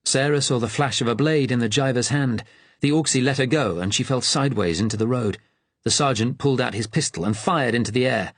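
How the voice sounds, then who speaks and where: A man narrating an audiobook thriller in a measured, tense storytelling voice. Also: mid-range voice, no room sound.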